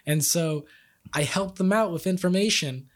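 A man's voice: high-pitched, moderate pace. A man co-hosting a podcast, telling a story casually and acting out the quotes with laughter. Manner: animated, acts out quotes, laughs often. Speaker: podcast co-host.

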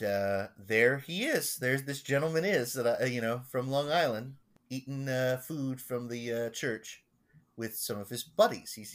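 A male pastor chatting on a podcast, telling a story in a loose, rambling way. His voice sits at a mid pitch, and he often stops and restarts his sentences as he goes. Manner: rambling, halting, many restarts. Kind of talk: casual storytelling chat.

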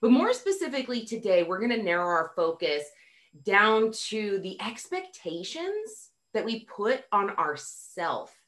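An effusive woman hosts a podcast, her accent a mix of Montana, Canadian and Midwestern. Her pitch leaps around a lot as she talks, and she gushes with frequent exclamations. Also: very animated, a little slow, fairly bright tone. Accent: mixed Montana, Canadian and Midwestern. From North America. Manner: gushing, effusive, lots of exclamations. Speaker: podcast host. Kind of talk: enthusiastic podcast interview.

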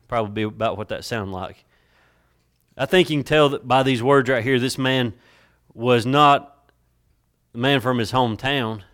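A preacher in a church delivering a dramatic sermon, swinging between soft and loud, stretching words for emphasis and restarting phrases as he builds. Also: mid-range voice, clean tone. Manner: dramatic, varying loudness, drawn-out emphasis; repeats words and restarts while building a point. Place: church sanctuary. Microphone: worn mic.

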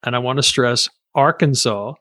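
A man co-hosting a casual political chat. His voice sits in a middle register and sounds close and dry. He walks through his reasoning in a measured way, asking and answering his own questions. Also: mid-range voice, sharp tone, no echo. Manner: measured, explanatory, with fillers. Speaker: podcast co-host.

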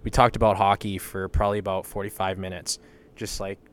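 A man's voice: deep voice, flat delivery, a little fast, a little hiss or hum. A young man from western Canada hosting a casual solo podcast, blunt and rambling, swearing freely and using lots of "you know" and "like". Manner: many fillers like "you know" and "like". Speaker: podcast host.

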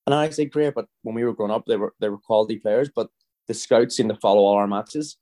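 Guesting on a podcast, this man from Northern Ireland, in his thirties, spins a lengthy story in a loose, chatty way, voicing the other characters' lines. He talks fast in a lowish, warm voice, often restarting and quoting dialogue as he goes.

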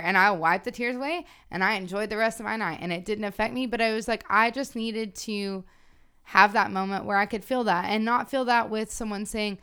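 A woman's voice: mid-range voice, fairly quick, pushed and bright, clean tone. A young woman co-hosting a podcast, telling personal stories in reflective casual chat. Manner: reflective storytelling, frequent "like". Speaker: podcast co-host.

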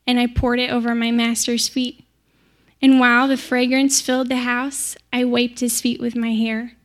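A woman's voice: a little high, flat delivery, moderate pace, lightly acted. A woman playing Mary, heartfelt and devoted. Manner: heartfelt, conversational storytelling. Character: devoted young woman disciple, sister of a raised man. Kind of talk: first-person dramatic monologue.

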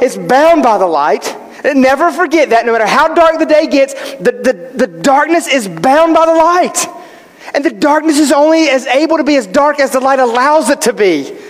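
A man's voice: very high-pitched, animated, moderate pace. A male pastor preaching a sermon, emphatic, posing questions and answering them himself. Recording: long hall reverb.

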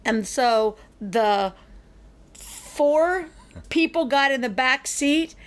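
Lively middle-aged woman telling a story. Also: high voice, extremely slow. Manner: animated, acts out the people in her stories. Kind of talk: casual storytelling chat.

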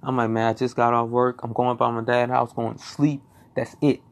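A man's voice: medium pitch, level tone, brisk, gravelly. A young man casually telling a personal story, swearing, rambling and repeating himself.

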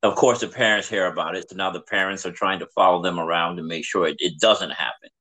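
A man's voice: deep voice, fairly even intonation, quick pace, sharp tone, rough recording. A man hosting a podcast, telling stories and reflecting aloud in a casual conversation. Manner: reflective storyteller. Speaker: podcast host.

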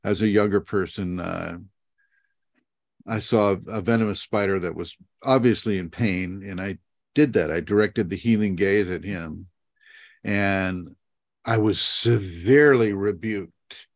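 A lower-pitched man answers questions on a video call, drifting into stories with many ums and self-mocking laughs. His voice sounds dry, with no room echo at all. He keeps an informal, teacherly tone. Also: unhurried. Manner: meandering, laughs at himself, many fillers.

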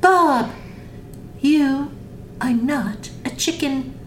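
A woman voicing a calm, matter-of-fact cat in a gentle, patient, instructive way. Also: high-pitched, extremely slow, a little hiss or hum. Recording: echoey room.

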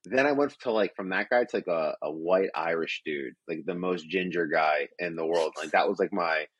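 A man's voice: low-pitched, normal speed, slightly rough, no room sound, dull audio. A young man hosting a casual podcast, rambling and profane. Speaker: podcast host.

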